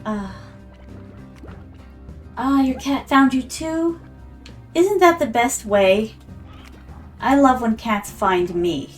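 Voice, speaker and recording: Woman streamer, fairly high voice, chatty storytelling, mic a bit far off, soft music behind. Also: slow, long pauses. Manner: chatty, acts out quoted voices. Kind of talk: casual storytelling while gaming. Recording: slightly distant mic with background music.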